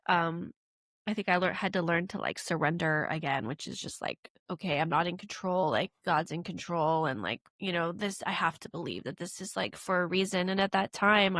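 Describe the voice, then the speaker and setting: Young woman, podcast co-host; gravelly, dry close mic; candid, emotional storytelling. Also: medium pitch, fairly bright tone, no echo. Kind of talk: casual conversation.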